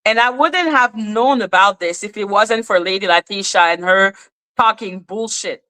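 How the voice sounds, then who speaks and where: A woman's voice: medium pitch, normal speed, sharp tone. A woman hosting a commentary channel, ranting in exasperated, profane rhetorical questions, with a slightly non-native accent. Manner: says she speaks with a non-native accent. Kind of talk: ranting commentary on a court case.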